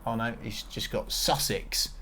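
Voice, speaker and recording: A man's voice: medium pitch, measured pace, gravelly, sharp tone, a little hiss or hum. A man hosting a casual football podcast, talking in emphatic, confident opinions with frequent restarts. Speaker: podcast host.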